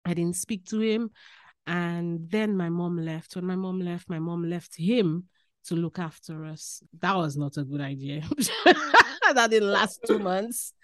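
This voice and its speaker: A woman from Saint Lucia with a Saint Lucian accent tells stories as a podcast guest, animated and casual, slipping into Caribbean phrasing. Her voice is lowish and her pace measured. The audio is studio quality with no echo.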